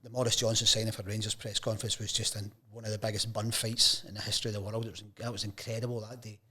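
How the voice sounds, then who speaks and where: A man's voice: fairly low pitch, rapid-fire, husky. A Scottish man in his fifties, a sports journalist guest on a chat show, telling stories casually and acting out the voices of the people in them. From Scotland. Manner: lively anecdotes, acts out quoted voices. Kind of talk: casual storytelling interview.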